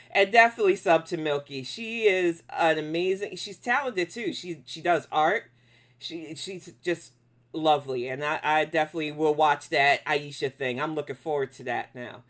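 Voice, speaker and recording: A woman's voice: low-pitched, moderate pace. A woman hosting a casual live stream, reacting to videos and bluntly scolding trolls in her chat.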